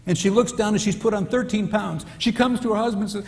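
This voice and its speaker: A man with a high-pitched voice gives a playful seminar talk and brings his stories to life. His voice carries a long reverberant tail through a large hall. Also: fast, hardly any pauses. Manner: animated storytelling, acting out characters. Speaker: retreat speaker. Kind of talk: humorous marriage seminar talk.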